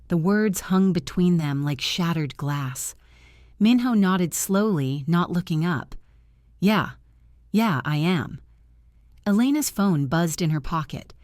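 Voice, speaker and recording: A woman reading a dramatic romance story as narrator, in an even storytelling manner. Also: fairly low pitch, no room sound, clean studio sound.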